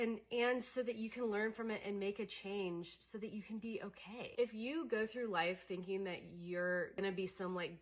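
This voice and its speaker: A young adult woman coaching on emotions in a candid, conversational way, with many fillers. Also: mid-range voice. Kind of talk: casual teaching monologue.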